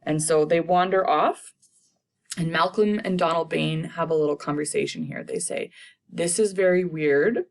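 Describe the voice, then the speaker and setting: A woman's voice: low-pitched, moderate pace. A young woman teacher casually summarizing a play for students, paraphrasing the characters in modern slang.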